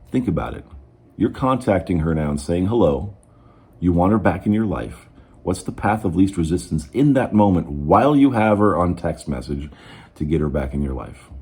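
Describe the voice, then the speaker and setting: A man coaching viewers on manifestation in an advice monologue, animated, checking in with "okay?" and acting out the quotes. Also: husky. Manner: animated, acts out quoted texts in a higher voice; repeats "okay?" to check in with listeners.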